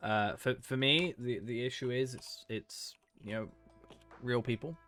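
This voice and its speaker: Young guy streaming a game, chatty and self-mocking, ranting now and then, mid pitch, faint music behind. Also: unhurried, bright, forceful tone. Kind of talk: casual live-stream chat while gaming.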